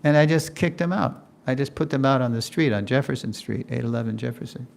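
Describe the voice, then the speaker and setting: A gravelly older man tells a story to a class. He talks in an animated way, acts out what people said, and laughs as he goes. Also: mid-range voice, fairly quick. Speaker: lecturer. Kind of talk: storytelling lecture.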